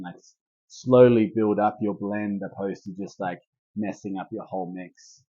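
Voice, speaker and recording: Laid-back rambling man, husky and low. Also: fairly even intonation, fairly quick, dark tone, lo-fi sound. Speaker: herbalist leading a group talk. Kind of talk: casual workshop talk.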